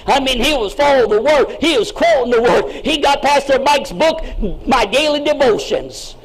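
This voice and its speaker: A man's voice: extremely high pitch, animated, normal speed, rough recording. A male pastor telling a story in a sermon, with an exclamatory, repetitive preaching cadence.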